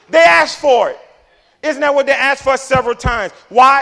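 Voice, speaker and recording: High, gravelly preacher. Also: male voice, normal speed. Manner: passionate, swings from low murmurs to loud emphatic declarations. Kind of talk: sermon.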